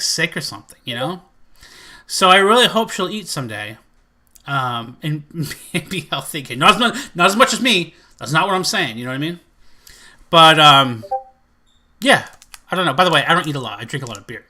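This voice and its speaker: A man chatting casually in a collection vlog, rambling and excitable, full of fillers. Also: fairly high pitch. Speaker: movie collector vlogger.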